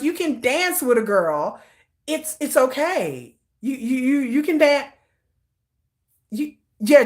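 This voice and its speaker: A bright, sharp-toned woman chats on a casual livestream. Her pitch sits high and swings widely as she riffs in slang. She laughs often and keeps the talk loose and animated. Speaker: livestream host.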